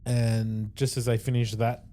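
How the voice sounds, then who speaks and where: A man's voice: mid-range voice, flat delivery, unhurried, dark tone, a little hiss or hum. A man co-hosting a podcast, recapping an episode at length in casual chat and acting out quoted lines. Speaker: podcast co-host.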